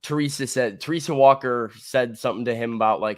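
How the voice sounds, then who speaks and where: A man's voice: mid-range voice, a little fast, no echo, studio quality. Blunt, opinionated podcast co-host, man. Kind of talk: casual chat.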